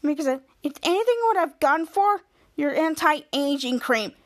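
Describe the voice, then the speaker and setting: A high-pitched woman hosting a casual podcast. She retells a TV episode with excitement and jumps into the characters' lines as she goes. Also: moderate pace. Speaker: podcast host.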